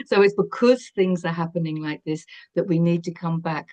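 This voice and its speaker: A woman giving a spiritual tarot reading, speaking gently and calmly, often laughing softly. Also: on the low side, moderate pace. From United Kingdom. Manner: soft, gentle, breathy calming guidance with frequent laughs. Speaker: tarot reader.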